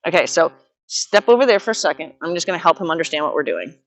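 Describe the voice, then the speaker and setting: A woman horsemanship instructor coaching a student live, giving steady directions and quick repeated praise. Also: deep voice, noisy background.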